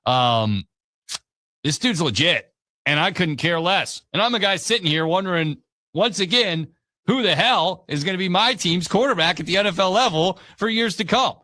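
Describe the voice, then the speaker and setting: A man's voice: sits high, animated, bright, forceful tone, no echo. A man hosting sports radio talk, casual and opinionated. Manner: casual, opinionated, quick asides. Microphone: studio mic.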